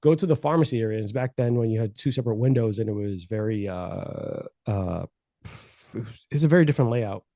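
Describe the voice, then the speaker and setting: A man telling a story on a podcast in a casual, animated and profane way, laughing as he goes. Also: on the low side, a little fast, no room sound, studio quality.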